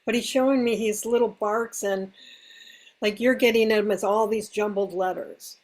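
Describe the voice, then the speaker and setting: A woman's voice: mid-range voice, steady tone, normal speed, darkish tone. A woman working as an animal communicator, coaching a client in a playful, encouraging way. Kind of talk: casual reading session.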